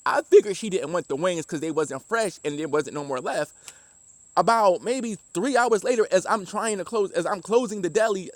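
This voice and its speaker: A Southern man speaks in a high, earnest voice, giving personal testimony and often restarting his sentences. The sound is dry and close. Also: no room sound. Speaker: former deli worker giving testimony.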